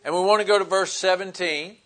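Guy with a high voice preaching in church, chatty, lots of uhs. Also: fairly even intonation, a little fast, a bit bright. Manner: conversational preaching with fillers, acting out Bible dialogue. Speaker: pastor. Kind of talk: sermon.

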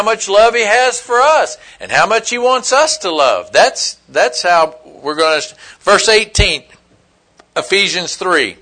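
A man's voice: sits high, animated, measured pace, sharp tone. A man preaching a sermon, telling a story in an emphatic, repetitive way. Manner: storytelling, emphatic, repeats phrases. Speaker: pastor.

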